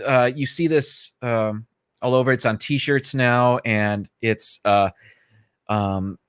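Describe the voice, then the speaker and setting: A man hosts a casual livestream from a small home studio, rambling in an easygoing way, greeting viewers by name, and making self-correcting asides. His voice is medium-pitched and a bit bright, with no room sound.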